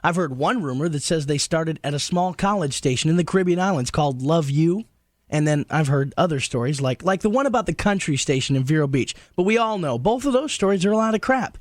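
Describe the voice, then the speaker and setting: A man's voice: a little high, brisk, dry recording, studio quality. A man narrating a radio comedy compilation with mock-earnest sarcasm. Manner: sarcastic, deadpan mock praise.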